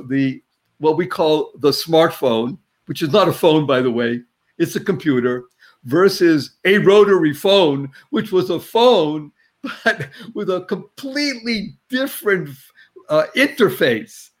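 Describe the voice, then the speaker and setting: A man hosting an interview show, chatty and digressive, often laughing as he talks. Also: on the high side. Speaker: talk show host. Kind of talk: casual interview talk.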